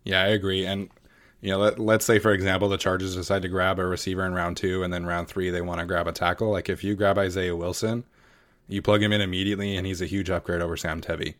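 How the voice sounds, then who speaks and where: A man with a very low voice speaks in a relaxed, measured way in a casual podcast chat. He leans on small fillers while he lines up his thoughts. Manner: measured, laid-back, many fillers. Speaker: podcast co-host.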